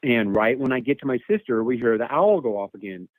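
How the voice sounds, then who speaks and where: This guest's encounter story comes through a thin, echo-free phone line: a long, meandering account with repeated words and animal-call impressions. His medium-pitched voice is lively in intonation and slightly quick.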